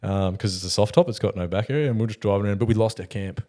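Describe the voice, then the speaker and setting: Fast-talking Australian bloke telling yarns. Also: male voice, on the low side. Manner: laughing, swearing, animated storyteller. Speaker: podcast guest. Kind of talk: casual storytelling chat.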